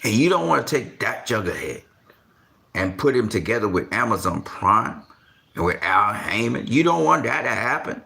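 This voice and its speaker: A man rants about boxing in a gravelly, sharp-edged voice. His pitch swings widely as he repeats himself in exasperation. The talk is loose and slangy, like a live stream. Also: very animated, moderate pace. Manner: gets louder and higher when worked up. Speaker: boxing commentator.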